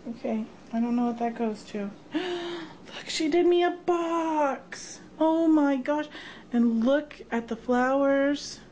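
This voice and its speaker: A woman's voice: high voice, takes it slowly, dark tone, a little hiss or hum. A woman vlogger unboxing a gift box, gushing and gasping with delight. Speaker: craft vlogger. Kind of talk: unboxing vlog.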